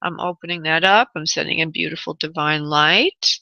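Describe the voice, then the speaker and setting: A woman's voice: low-pitched, moderate pace, vocal fry, pushed and bright, no echo, highs cut off. A woman hosting a call-in radio show as a spirit medium, chatty and affectionate, laughing often.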